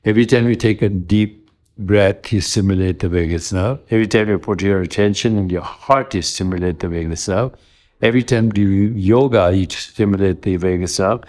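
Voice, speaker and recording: Old guy, 70s, really deep voice, calm measured talk, goes through lists point by point. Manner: measured, lists ideas one by one. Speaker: interview guest, wellness author. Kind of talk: calm interview answers.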